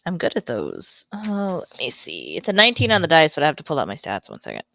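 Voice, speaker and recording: A woman's voice: sits low, wildly swooping pitch, fast talker, creaky, a bit bright. A woman playing a tabletop game, chatting casually and describing her character's actions in the third person. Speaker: player.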